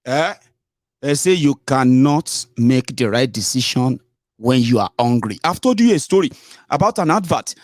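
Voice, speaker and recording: Animated Nigerian host, Pidgin-laced commentary. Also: male voice, on the high side, no room sound, clean studio sound. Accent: Nigerian, Yoruba. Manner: animated, mixing Pidgin and Yoruba, stretching words for emphasis. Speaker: online radio host. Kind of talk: political commentary monologue.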